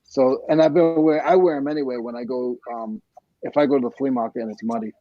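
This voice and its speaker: A man's voice: mid-range voice, steady tone, quick pace, dry recording. Jokey man with a dull dry sound. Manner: jokey, laughs often. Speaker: podcast co-host. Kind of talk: casual chat.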